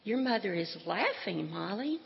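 A woman reading aloud and voicing a tender male God who answers gently and reassuringly, in a dull, echoey hall recording. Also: medium pitch, big pitch swings, unhurried, vocal fry. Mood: gentle.

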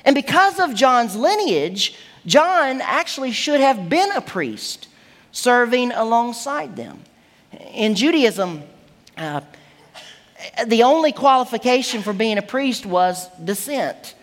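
Woman preaching, lively up and down voice, kinda high, big reverb like a church hall. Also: slow. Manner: expressive, emphatic Bible teaching. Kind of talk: sermon.

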